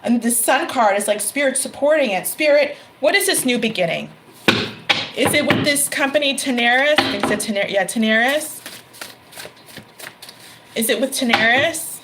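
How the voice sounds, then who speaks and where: A woman's voice: sits high, lively intonation, normal speed, pauses often, heavy background noise. A middle-aged woman giving a tarot reading to camera, emphatic and given to repeating her phrases and exclaiming. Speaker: tarot reader.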